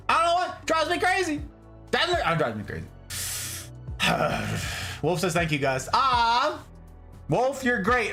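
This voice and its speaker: A man from Nevada chatting casually on a livestream as he reads his chat, joking and swinging between high and low voices. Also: pushed and bright. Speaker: streamer reading chat.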